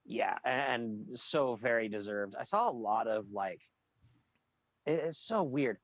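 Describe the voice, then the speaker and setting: A man's voice: mid-range voice, lively intonation, a little slow, no echo, dull audio. A man co-hosting a podcast in casual chat, ranting with strong opinions and frequent restarts. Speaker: podcast co-host.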